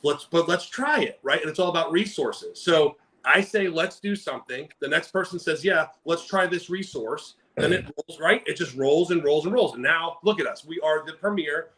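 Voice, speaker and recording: Animated rambling man, fairly high voice. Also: moderate pace, few pauses, poor audio. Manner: animated, rambling, self-interrupting. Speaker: podcast co-host. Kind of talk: casual chat.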